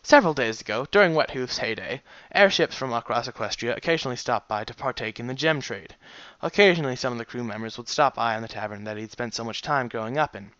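A man casually reading a fan story aloud, animated, sometimes stumbling over words and chuckling at the text. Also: medium pitch, fast, dry recording, dull audio. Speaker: reader.

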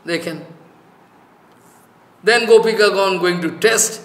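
A man giving a devotional scripture discourse as a spiritual teacher, in halting informal English full of "you know" and emphatic repetition. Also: high voice, a bit bright, echoey room. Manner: emphatic, repeats key phrases.

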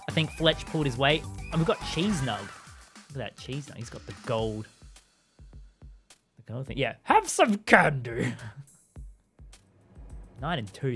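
A live game streamer giving excitable commentary while playing, laughing and taunting opponents and chatting with viewers. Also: medium pitch. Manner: chats with viewers and thanks them. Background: game music.

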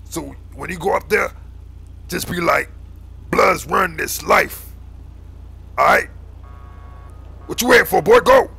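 A man's voice: a little high, normal speed, creaky, pushed and bright, slightly rough, full character voice. A man voicing a bossy street gang recruiter, full of slang, constantly calling others boy and man. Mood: commanding.

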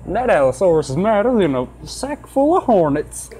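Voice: mid-range voice, very animated, normal speed, warm tone, slight background noise, pitched above the performer's own voice, close to an everyday voice, rough recording. A player voicing a folksy, swaggering cowboy fossil-fighting champion with a put-on country twang. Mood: boisterous.

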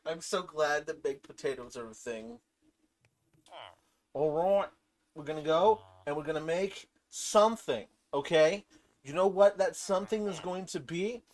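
A woman giving casual gameplay commentary, rambling from low mumbles to excited shrieks and talking to the game's items. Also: a little slow. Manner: talks to game items, swears casually. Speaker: gaming channel host.

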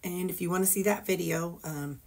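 A woman's voice: on the low side, fairly even intonation, fairly quick. Rambling woman. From Missouri. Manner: rambling, many fillers and asides. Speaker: vlogger. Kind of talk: casual chat to camera. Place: her home.

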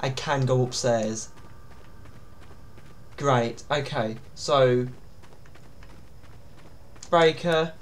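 A man's voice: mid-range voice, very slow, pauses often. A man giving nervous, jumpy commentary while playing a horror game. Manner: jumpy, nervous, often pleading to himself. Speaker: gaming YouTuber.

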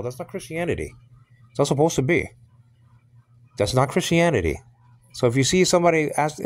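A middle-aged man talks through a casual Bible study in a rambling, conversational way, often stopping to check that his listener follows. His voice sits at a middling pitch and sounds dry and close, with no room around it. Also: dry recording. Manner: rambling, repeats himself, many fillers and asides. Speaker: Bible teacher.

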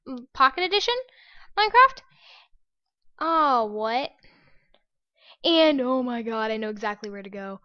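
A woman with a high voice talks through a video game at an unhurried pace, excitable and prone to sudden gasps and shrieks. The recording is dry and close, with a slightly dull tone. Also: smooth, dry recording. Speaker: gaming channel host. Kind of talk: casual gameplay commentary.

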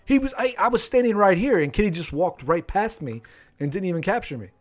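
A man's voice: high-pitched, lively intonation, a little fast. A man in his thirties hosting a live game stream from home, playful and chatty, often repeating himself and laughing, speaking into a desk microphone. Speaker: livestream gaming host. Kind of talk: live gameplay commentary. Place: home room.

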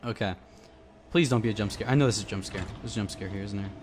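A young man gives casual let's play commentary on a horror game, talking fast in a fairly low voice. Easily scared, he gets jumpy and yelps and shouts when startled.

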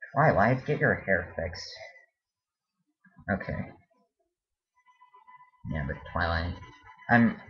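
A man with a low, husky voice rambles through a casual home vlog. He hesitates often, with ums and restarts. The recording sounds dull and lo-fi. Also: fairly bright tone. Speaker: vlogger.

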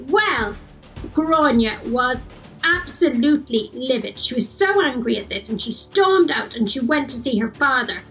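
A woman telling a folk story to children in a lively, expressive way, speaking straight to her listeners. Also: sits high, measured pace, soft background music, poor audio.

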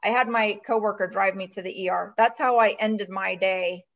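A woman's voice: mid-range voice, normal speed. Talkative woman guest, storytelling, slightly dull lo-fi audio. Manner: chatty, animated storyteller, many "you know" fillers. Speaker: guest, virtual CFO. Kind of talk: casual storytelling interview.

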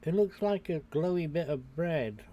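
A man's voice: a little high, moderate pace, mellow, muffled recording. An older British man streaming a game, chatting to his viewers and rambling to himself as he plays. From United Kingdom. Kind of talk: casual gameplay commentary.

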